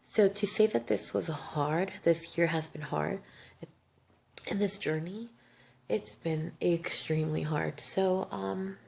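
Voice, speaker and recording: Gravelly young woman telling her story. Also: lowish voice, slow pace, a little mellow. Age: young adult. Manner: emotional, rambling, swears freely. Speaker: vlogger. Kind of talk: casual storytime monologue.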